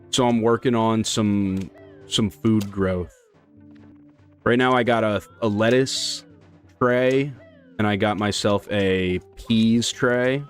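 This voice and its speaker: A man chatting casually on a live stream while playing, rambling and slangy. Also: fairly low pitch. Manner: rambling, slangy, laid-back. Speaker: speedrun streamer.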